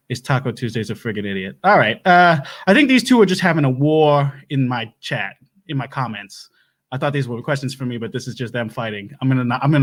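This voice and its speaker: A man's voice: on the high side, a bit bright. A man playing a folksy, easily flustered doomsday prep lecturer who hosts a comedy livestream, rambling and stammering as he reads viewer comments. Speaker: host of a comedy web show. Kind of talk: improvised comedy livestream character. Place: home setup, said to be a bunker.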